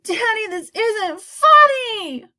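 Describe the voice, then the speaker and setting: A woman's voice: huge pitch swings, moderate pace, a bit bright, heavily acted. Woman doing a shrieking upset little boy. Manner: shrill, sobbing. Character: small boy, upset and crying.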